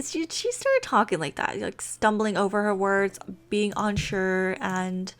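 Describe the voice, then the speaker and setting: A woman's voice: mid-range voice, lively intonation, measured pace, few pauses. Brief: woman storyteller, casual and rambling, narrating her game characters' drama. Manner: rambling, full of fillers. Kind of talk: casual storytelling over gameplay.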